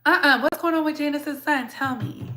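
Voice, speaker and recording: A show host with a Southern US accent talks to her viewers in a loose, slangy, strongly opinionated way. Her voice is bright and sits a bit high for a woman. She keeps an animated, chatty commentary going. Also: moderate pace, slight background noise. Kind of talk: casual commentary chat.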